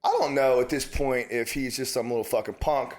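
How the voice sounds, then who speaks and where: A man's voice: mid-range voice, fairly even intonation, fairly quick, darkish tone. A man, a guest on an interview show, telling stories in casual chat with heavy swearing and laughing asides. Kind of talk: casual storytelling. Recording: roomy echo.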